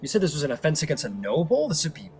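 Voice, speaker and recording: A man's voice: huge pitch swings, rapid-fire, a little mellow, faint music behind. A man playing a scheming, rule-bending male lawyer in a tabletop game, speaking in a theatrical courtroom style. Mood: earnest. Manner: theatrical courtroom oratory, booming objections. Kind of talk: tabletop role-play.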